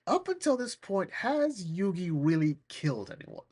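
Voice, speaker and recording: Podcast host, comic cartoon recap, rambling asides, animated up-and-down voice. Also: medium pitch, moderate pace, few pauses, breathy edge. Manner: rambling, joking, often laughing.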